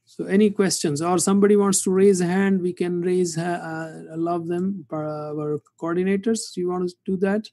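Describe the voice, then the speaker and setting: A man teaching Quranic Arabic in an online class, saying word forms slowly and having students repeat them. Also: high voice, little pitch movement, dark tone, dry recording. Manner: drills words slowly, asks class to repeat. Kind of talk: online lesson with drills.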